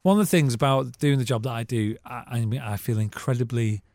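A man's voice: medium pitch, a little fast, a little mellow, no echo, clean studio sound. A tired man, co-hosting a casual radio chat and teasing his friend with plenty of laughs. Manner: chatty, laughs often, teasing. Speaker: podcast co-host, newspaper editor. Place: radio studio. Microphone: studio microphone.

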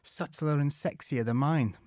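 A man's voice: on the high side, a little mellow, dry recording, studio quality. An Irish man in his forties hosting a podcast, chatty and teasing in casual banter. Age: 40s. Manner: teasing, chatty, quick-witted. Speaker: podcast host.

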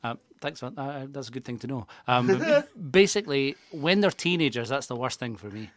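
A man's voice: medium pitch, big pitch swings, fairly quick, no room sound. A Scottish man, a guest on a comedy podcast, telling rambling anecdotes with swearing in casual chat.

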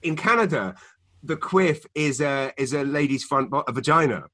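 A man co-hosting a podcast, chatting casually and telling animated stories full of fillers and restarts. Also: on the high side, moderate pace, no echo. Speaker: podcast co-host. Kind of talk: casual chat. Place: home in Canada.

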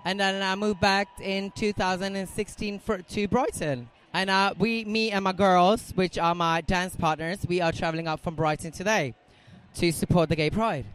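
A man from Denmark in a street interview, rambling warmly in loosely phrased English. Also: high-pitched, fairly even intonation, normal speed, slight background noise. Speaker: dancer, parade attendee.

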